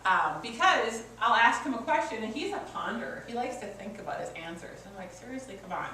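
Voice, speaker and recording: A woman's voice: on the high side, sing-song, brisk, pushed and bright, a little hiss or hum. A woman coach giving a workshop presentation to an audience, teaching in a conversational way with personal stories. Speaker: customer service coach. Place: meeting room with an audience. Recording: echoey room from far off, faint ambience.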